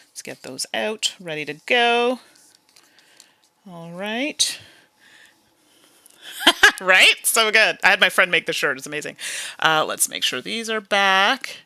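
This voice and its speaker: A woman talks her way through a solo board game in a loose, chatty manner, quick to grumble and laugh at herself. Her voice is very bright and her pitch swings widely. The sound is dry and close, with no room around it. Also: no echo. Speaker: board game channel host. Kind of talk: casual solo board game playthrough commentary.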